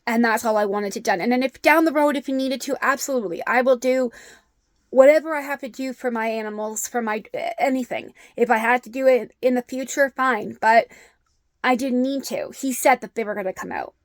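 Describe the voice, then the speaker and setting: Woman, middle-aged, upset storytime vlog, fillers and restarts, slightly high voice, dry close sound. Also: fairly quick, dry recording. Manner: upset, rambling with many ums. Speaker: vlogger.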